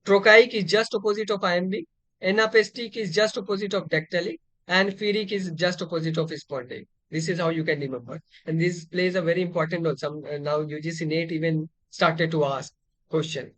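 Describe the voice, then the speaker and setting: High-voiced man teaching literature. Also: fairly even intonation, fairly quick, fairly bright tone, no echo. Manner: explanatory, repeats key terms, many fillers and restarts. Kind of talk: exam-prep lecture.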